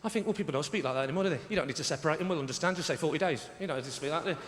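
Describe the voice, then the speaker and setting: A man's voice: on the high side, racing. A man doing a stand-up comedy routine in a large theatre, teasing the audience with rhetorical questions. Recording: echoey theatre with loud audience.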